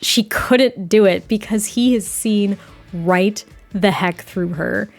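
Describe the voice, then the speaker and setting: A woman's voice: mid-range voice, slow, vocal fry, faint music behind. Chatty young woman reacting to a game. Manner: chatty, reactive, laughing often. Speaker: game streamer. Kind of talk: casual let's-play commentary.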